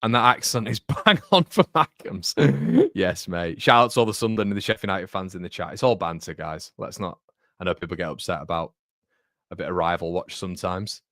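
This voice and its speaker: Low-pitched yet fairly bright, this young Englishman from the North East talks briskly and animatedly while hosting a live football watchalong for his fan channel. He's chatty and blokey, scattering "mate" and "um," and the studio sound is dry and clean.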